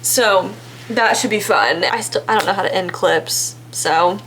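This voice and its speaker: A woman's voice: mid-range voice, measured pace, background noise. A woman in her twenties with a Texan accent, talking casually and rambling in a self-deprecating vlog. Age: 20s. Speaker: vlogger. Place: in a car, then at home.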